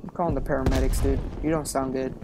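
A woman giving loud, profane, excitable commentary while playing a shooter game with a friend. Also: extremely low pitch, fast. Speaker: gamer streaming with a friend. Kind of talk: casual gameplay commentary. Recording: game gunfire noise under the voice.

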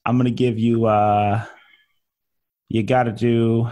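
A man's voice: medium pitch, level tone, takes it slowly, mellow. A young man co-hosting a podcast in casual chat, joking around, swearing and laughing often. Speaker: podcast co-host.

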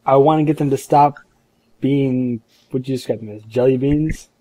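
A man playing in a tabletop game, speaking in a hesitant, deadpan way. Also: medium pitch, normal speed, no room sound. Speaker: player. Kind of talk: casual tabletop play.

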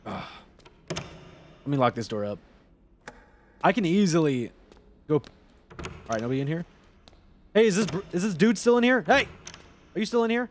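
Hyped up guy streaming a game, fairly high voice that swings all over, cursing a lot. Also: normal speed, pauses often, a little hiss or hum. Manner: excitable, loud swings, swearing and laughing. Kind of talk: casual live gameplay commentary.

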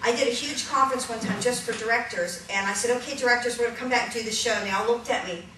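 A lively woman runs a hands-on puppetry workshop, laughing easily and counting her group through each drill. Her voice sits a little high and comes from some distance off the mic. The room rings with heavy echo, and clear background noise hangs under her. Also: fast. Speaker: puppetry instructor. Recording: echoey room from a distance, noisy.

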